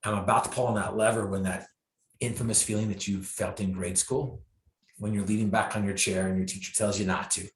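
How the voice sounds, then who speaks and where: Low-ish voiced guy telling his story on an interview show, jokey about himself, does the voices, echoey room. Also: fairly quick, a little hiss or hum. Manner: animated storyteller, acts out his own and others' lines with bursts of pitch and volume; self-deprecating humor, laughs at himself. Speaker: guest speaker.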